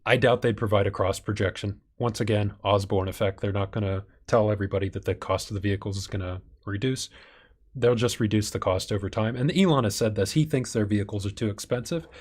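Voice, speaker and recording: A man's voice: on the low side, fast, a little mellow. A man hosting a live stream Q&A, reading viewer questions and thinking aloud with some fillers. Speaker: channel host.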